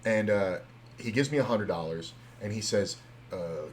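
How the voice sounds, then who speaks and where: A man's voice: fairly low pitch, unhurried, a little hiss or hum. A young man streaming live, chatting casually and telling stories in a loose, rambling way full of fillers and swearing.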